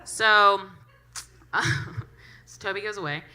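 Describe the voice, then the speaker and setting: A young woman performing a stand-up set with a brash, animated delivery and plenty of swearing. Her voice is very bright and sharp. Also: on the low side, moderate pace. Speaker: stand-up comedian.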